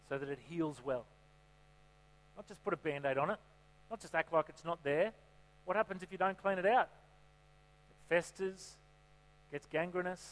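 Recorded in a reverberant church hall with mains hum, this preacher has a fairly bright voice on the high side. His sermon is chatty and full of jokes, with frequent questions to the congregation.

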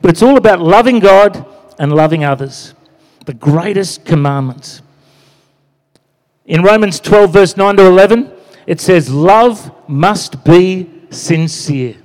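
A man's voice: sits high, lively intonation, takes it slowly. A man preaching a sermon in a conversational way, with lots of "you know" and "amen?" asides. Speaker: pastor. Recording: long hall reverb.

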